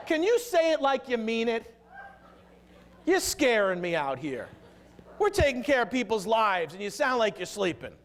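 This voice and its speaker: Middle-aged male keynote speaker, very high and animated, energetic crowd-leading delivery. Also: a little slow, slight background noise. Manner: energetic, leads the crowd in chanted affirmations. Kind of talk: motivational keynote speech. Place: conference hall with a live audience.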